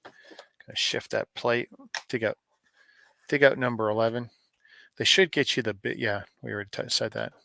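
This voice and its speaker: Bright-voiced middle-aged man chatting on a stream. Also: medium pitch, fairly even intonation, normal speed, gravelly, long pauses, dry recording. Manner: rambling, joking, chats to viewers by name. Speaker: live streamer opening advent calendars. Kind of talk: casual live-stream chat.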